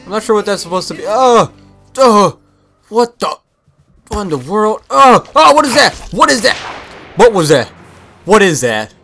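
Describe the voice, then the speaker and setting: A young man giving casual let's-play commentary, full of excited, puzzled exclamations. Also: sits high, moderate pace, vocal fry, long pauses. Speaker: gameplay commentator. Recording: game music under voice.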